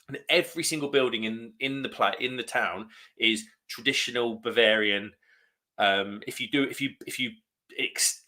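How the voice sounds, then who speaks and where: A man's voice: mid-range voice, pushed and bright. A man hosting a casual beer-review live stream, chatting in a rambling way and reading viewer comments aloud.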